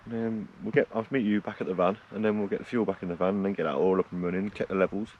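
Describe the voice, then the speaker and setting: A man's voice: sits low, steady tone, very fast, muffled recording, a little hiss or hum. A middle-aged man from the UK talking casually to his camera outdoors on a road trip, rambling and laughing at himself. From United Kingdom. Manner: chatty, rambling, laughs often, self-deprecating. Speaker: vlogger on a van road trip. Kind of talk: casual vlog talk to camera. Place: outdoors by a lake, cold morning.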